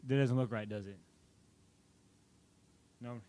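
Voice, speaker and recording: A man's voice: medium pitch, steady tone, slow, mellow, smooth. Rambling young man telling a story. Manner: rambling, self-correcting, chatty. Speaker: vlogger. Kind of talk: casual storytelling to camera.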